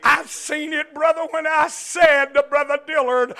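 A male preacher delivering an impassioned sermon, dropping to a hush and then shouting, with frequent amens. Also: very high-pitched, fairly even intonation, measured pace, creaky. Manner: impassioned, swings between hushed and shouting, peppered with amens. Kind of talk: Pentecostal-style sermon.

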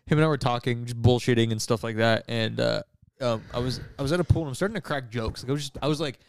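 A young man co-hosting a podcast, telling a story in a casual, animated way and acting out angry outbursts. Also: medium pitch, quick pace, gravelly, slight background noise. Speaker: podcast co-host. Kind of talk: casual chat.

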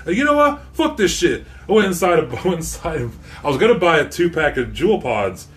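A man telling a profane, animated story in casual podcast chat, acting out what people said. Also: a little high, brisk.

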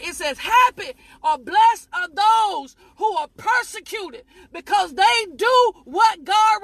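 A woman preaching a fervent sermon, shouting, repeating phrases, letting out sudden high whoops, and talking straight to her listeners. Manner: addresses listeners directly and asks them to repeat after her.

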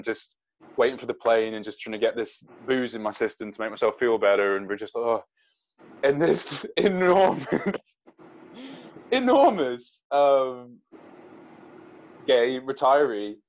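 A man, a guest actor, telling an animated story in a casual interview, with hesitant restarts. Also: fairly low pitch, highs cut off.

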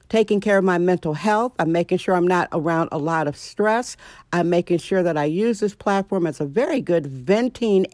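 A woman's voice: mid-range voice, no room sound, clean studio sound. A middle-aged woman hosting her own show, ranting bluntly and sarcastically at home. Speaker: podcast host. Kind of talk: opinionated solo monologue.

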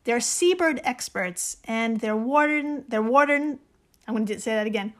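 A woman's voice: a little high, lively intonation, measured pace, fairly bright tone. A woman hosting a podcast in casual chat, enthusiastic, swearing freely and laughing often. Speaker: podcast host.

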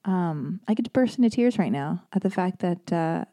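This podcast host is a woman whose fairly low, dark-toned voice is expressive and moves at a normal speed. She reads listener emails aloud and talks them through earnestly, rambling with plenty of fillers.

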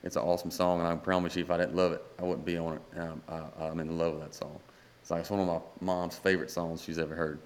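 A man's voice: low voice, flat delivery, fast talker, darkish tone. A man, a guest singer-songwriter, telling a rambling story in a casual podcast chat and acting out the dialogue.

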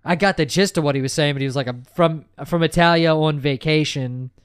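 A man's voice: on the high side, fairly quick, clear, resonant tone, no echo, studio quality. A man co-hosting a comedy podcast, telling a story in loose, casual chat, swearing and laughing often. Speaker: podcast co-host.

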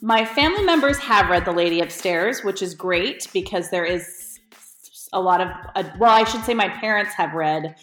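A woman's voice: medium pitch, lively intonation, moderate pace, fairly bright tone, roomy sound, soft background music, rough recording. A woman co-hosting a podcast, chatting casually and laughing as she tells stories. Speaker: podcast co-host and author. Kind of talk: casual interview chat.

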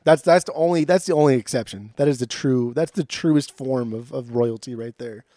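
A man's voice: mid-range voice, fairly quick, mellow, dry recording. A man co-hosting a casual music podcast, sarcastic and profane, slipping into goofy voices. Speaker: podcast co-host.

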